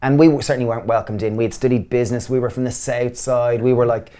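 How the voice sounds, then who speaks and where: Irish man, 30s, rapid animated storyteller, interview guest. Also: medium pitch. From Ireland. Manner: enthusiastic storyteller, acts out voices. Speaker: guest, business co-founder. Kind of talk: casual interview chat.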